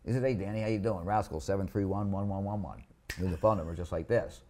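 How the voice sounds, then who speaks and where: A man's voice: low-pitched, fast, darkish tone. A man, a podcast guest, telling laid-back anecdotes in casual chat. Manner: laid-back anecdote teller, chuckles often. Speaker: guest, former club manager. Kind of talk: casual storytelling.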